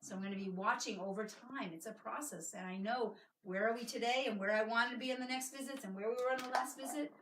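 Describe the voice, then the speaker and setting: A high-voiced woman leads a live clinic workshop, upbeat and coaxing, always checking in with the audience. The sound is roomy and echoey. The mic sits some distance away, with faint noise underneath. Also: fast, hardly any pauses. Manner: energetic, coaxing, keeps asking "right?". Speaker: chiropractor giving a patient workshop. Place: clinic room with a small audience.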